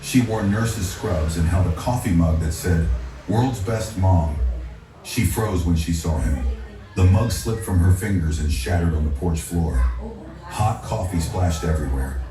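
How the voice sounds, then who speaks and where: A man with a very deep, dark voice tells a story in a steady, dramatic way, his pitch swinging widely. He sounds echoey and far from the mic, with faint music playing behind him. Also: moderate pace. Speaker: narrator. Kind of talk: scripted story narration.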